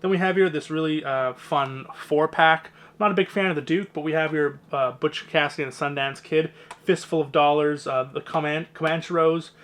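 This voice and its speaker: A young man with a voice that sits a little on the high side. He talks in a loose, rambling way, tossing out opinionated asides as he moves from one item to the next. His delivery is casual and conversational, like an unscripted home vlog. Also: fairly even intonation, normal speed, fairly bright tone. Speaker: movie collector vlogger. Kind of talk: casual collection walkthrough.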